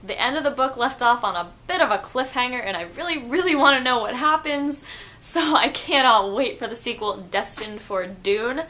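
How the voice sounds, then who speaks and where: A woman's voice: fairly high pitch, normal speed, pushed and bright. A young woman chatting enthusiastically in a casual book review vlog, musing aloud about the story.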